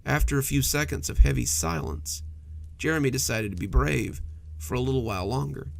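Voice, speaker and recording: Gravelly man reading horror stories. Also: medium pitch, a little fast. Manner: expressive, dramatic storytelling. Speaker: horror story narrator. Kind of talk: scripted horror narration.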